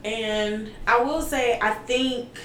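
A woman hosting a casual podcast chat, speaking in a supportive, measured way. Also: on the high side, steady tone, a bit bright, reverberant, distant mic, a little hiss or hum.

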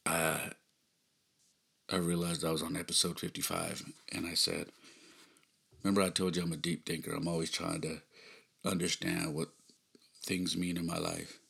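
A man with a low, gravelly, husky voice tells a personal story on his podcast. He speaks earnestly and sounds close to tears, often sinking into hushed, almost whispered phrases. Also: flat delivery, normal speed, long pauses. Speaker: podcast host.

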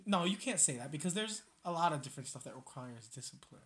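A woman's voice: sits low, animated, fast talker. A young woman co-hosting a casual podcast, teasing her friends bluntly and swearing freely. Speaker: podcast co-host. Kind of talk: casual chat.

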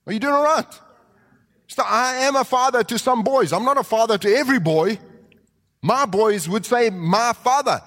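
A man preaching a sermon with animated delivery, acting out quotes and rising to shouts. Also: very high voice, moderate pace. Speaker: pastor. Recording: long reverb of a large hall.

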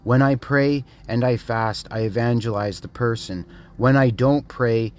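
A man's voice: medium pitch, a little slow, darkish tone. A man hosting a podcast, speaking in an emphatic, declarative casual monologue that repeats short phrases. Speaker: podcast host.

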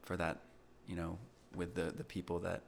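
Young male guest, low gravelly voice, earnest and reflective, faint room noise. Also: completely flat delivery, normal speed. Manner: earnest, reflective, many fillers. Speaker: podcast guest. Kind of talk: casual conversation.

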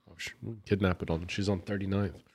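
A man's voice: sits low, little pitch movement, fast talker, a little mellow, slightly rough. A man co-hosting a podcast, telling a long story in casual chat with lots of fillers and restarts. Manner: rambling storyteller with many fillers. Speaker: podcast co-host.

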